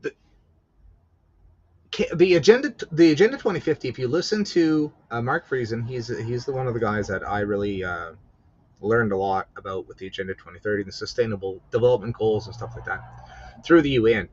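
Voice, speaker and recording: A man's voice: medium pitch, brisk, darkish tone, breathy edge. Profane rambling man, lo-fi podcast audio. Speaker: podcast host. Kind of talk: casual political rant. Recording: slightly dull lo-fi audio.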